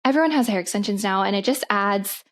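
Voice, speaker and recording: A woman's voice: medium pitch, fast. A young adult woman co-hosting a casual podcast, chatty and giggly as she reads out listener submissions. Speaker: podcast co-host. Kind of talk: casual chat.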